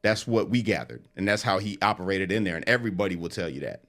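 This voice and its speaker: Fast, lowish male guest. Animated, casual storyteller. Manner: animated, quick storyteller who acts out quotes. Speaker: interview guest.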